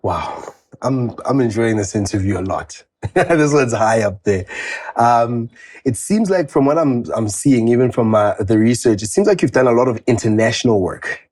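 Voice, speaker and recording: A man from South Africa hosts an interview. He asks questions casually, with a lot of fillers and restarts. His voice is husky and sits at a middle pitch. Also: lively intonation, moderate pace, a little mellow. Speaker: interview host.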